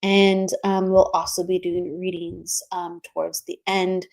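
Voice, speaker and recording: A woman's voice: on the low side, flat delivery, unhurried, vocal fry. Chatty woman hosting a livestream. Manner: chatty, warm greetings by name, laughs often. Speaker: livestream host. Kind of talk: casual livestream chat, greeting viewers. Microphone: streaming setup, remote.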